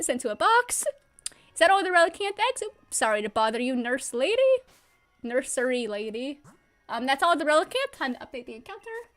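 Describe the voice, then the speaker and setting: A woman's voice: sits high, bright, forceful tone. A young adult woman chatting casually and bubbly while livestreaming a game from home, laughing often.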